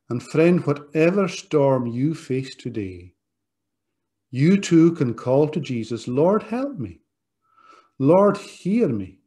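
A man's voice: medium pitch, dark tone. A man preaching a sermon as pastor, earnest and direct, appealing to his listeners. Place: church.

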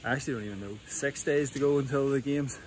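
A man's voice: medium pitch, fast. A young Irish man chatting casually through a travel vlog, rambling with fillers and asides. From Ireland. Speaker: rower vlogging his trip. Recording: clear background noise.

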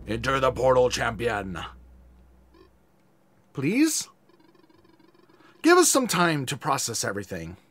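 A man giving comedic gameplay commentary, animated and shouty, slipping in and out of put-on voices. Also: mid-range voice. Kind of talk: comedic let's play commentary.

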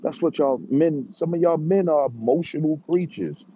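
A man's voice: a little high, normal speed, warm tone, slight background noise. A man who breeds dogs, ranting at his viewers in a taunting, repetitive, mocking way with chuckles. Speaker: dog breeder. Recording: dull lo-fi recording.

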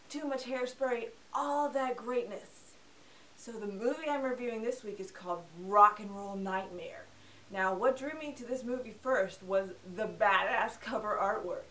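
Young female film-review host, sarcastic and chatty, slightly high voice, recorded a little off-mic. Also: fairly bright tone. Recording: voice a bit distant from the mic.

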